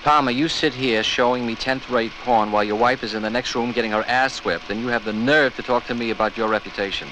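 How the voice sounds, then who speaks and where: A man as a sneering sleazy producer, quick bright voice, old film audio with faint hiss. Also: mid-range voice, steady tone, close to an everyday voice, poor audio. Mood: scornful. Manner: sneering, contemptuous.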